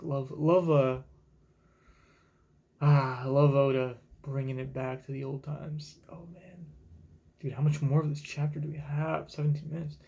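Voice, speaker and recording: A man giving live reaction commentary on a manga chapter from a home streaming setup, talking in an excitable, casual way and swearing freely. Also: fairly high pitch, measured pace, creaky.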